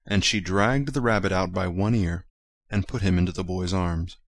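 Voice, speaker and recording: A man reading a children's storybook aloud in a gentle, measured way. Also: deep voice, no room sound, clean studio sound.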